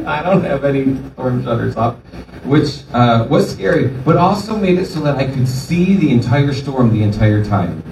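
A man's voice: fairly high pitch, animated, moderate pace, creaky, noisy background. A male pastor giving a sermon, telling the story animatedly and putting on voices for the people in it. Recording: echoey room from far off.

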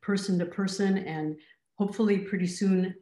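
A woman taking part in an inquiry talk, speaking hesitantly with many pauses and ums. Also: medium pitch, fairly even intonation, mellow, reverberant. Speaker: participant. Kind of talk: personal inquiry dialogue.

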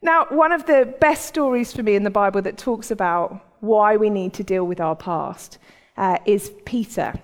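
A woman's voice: mid-range voice, normal speed. Woman preaching in a reverberant hall. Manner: conversational storytelling, acts out quoted voices. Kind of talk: sermon.

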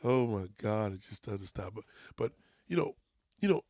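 A man's voice: fairly low pitch, expressive, normal speed, a little mellow, no room sound, studio quality. A man who runs a junk removal business, venting to his viewers in a profane, emphatic casual rant.

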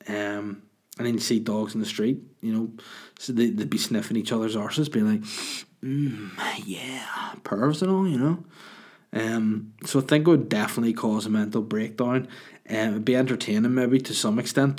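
A man's voice: fairly low pitch, darkish tone. A man hosting a podcast, rambling and joking as he answers listener questions. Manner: rambling, jokey, sweary. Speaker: podcast host.

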